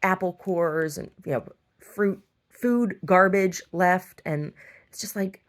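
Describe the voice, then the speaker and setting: A woman's voice: on the low side, takes it slowly. A middle-aged woman who owns a store, telling a long rambling story and getting exasperated, with many restarts. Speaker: store owner. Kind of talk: casual storytelling monologue.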